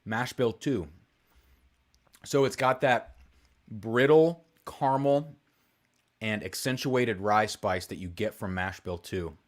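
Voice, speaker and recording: A man's voice: on the low side, takes it slowly, pauses often. A young man hosting a casual live stream, rambling and thinking aloud with lots of fillers and self-deprecating asides. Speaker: whiskey livestream host.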